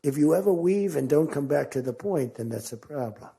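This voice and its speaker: A man's voice: on the high side, animated, a little fast, creaky, warm tone, breathy edge. A man giving an unscripted political speech at a podium microphone, rambling and boastful, acting out the conversations he retells. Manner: rambling, digressive, boastful storytelling; acts out quoted conversations with shifting voice. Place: large meeting venue.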